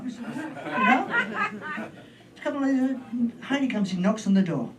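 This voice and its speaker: A man's voice: extremely high pitch, big pitch swings, slow pace, pauses often, distant mic, a loud crowd, low-quality recording. A British man doing storytelling stand-up on a club stage, rambling and self-deprecating with trailing asides. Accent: British English. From Britain. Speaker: stand-up comedian.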